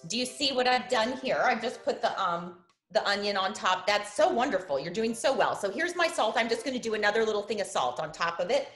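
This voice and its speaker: A woman's voice: mid-range voice, lively intonation, a little fast, a bit bright, reverberant, soft background music. A woman hosting a casual cooking demonstration, chatty and playful, laughing often as she talks another cook through a recipe. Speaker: cooking show host. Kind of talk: casual cooking demonstration over video call.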